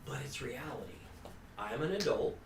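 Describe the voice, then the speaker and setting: A man of ordinary pitch giving an earnest, conversational recovery talk to a family group, with restarts and asides. He sounds distant from the mic in an echoey room. Faint background hum sits under his voice. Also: expressive, moderate pace, vocal fry. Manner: earnest, conversational, with repeated restarts and frequent "you know". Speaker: recovery counselor and presenter. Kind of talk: informal lecture to a family group. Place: meeting room.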